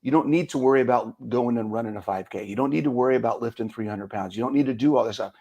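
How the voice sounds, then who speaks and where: A man explaining training to a panel in an energetic, casual way. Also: medium pitch, fast, breathy edge.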